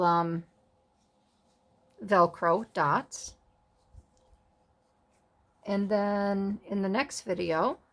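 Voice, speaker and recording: A middle-aged woman hosting a casual crafting tutorial, chatting in rambling, self-amused asides as she works. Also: on the low side. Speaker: craft video host.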